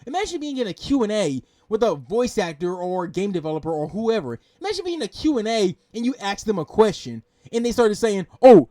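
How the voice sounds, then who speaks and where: A man's voice: sits high, a little mellow, dry recording, clean studio sound. A man hosting a reaction video, ranting in exasperation, swearing and repeating himself. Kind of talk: angry rant commentary.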